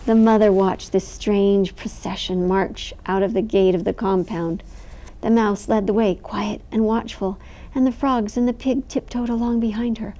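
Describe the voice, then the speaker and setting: A woman storyteller reading a picture book aloud, expressive and animated, with sound effects. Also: mid-range voice, moderate pace.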